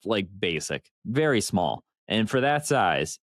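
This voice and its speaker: Deep, lively man rambling on a podcast. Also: slow pace, no echo, clean studio sound. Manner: rambling, animated storytelling with swearing. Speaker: podcast co-host. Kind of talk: casual podcast chat.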